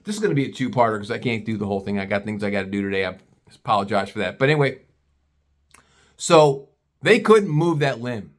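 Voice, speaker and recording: A man telling a story in a casual, animated way, swearing freely. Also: lowish voice, quick pace. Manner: animated, profane, conversational.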